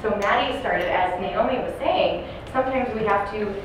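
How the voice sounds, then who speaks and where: A woman giving a dementia care training talk to a class, telling stories and acting out residents' shouts. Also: mid-range voice, normal speed. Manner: storytelling, acts out residents loudly. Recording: echoey room from far off, noisy.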